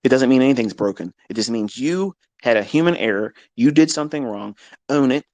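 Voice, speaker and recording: A man's voice: medium pitch, lively intonation, a little fast, a little mellow, no echo. Middle-aged guy swearing a lot, preachy trading mentor, dry close sound. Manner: blunt, profane, passionate, preachy. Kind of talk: unscripted live audio talk.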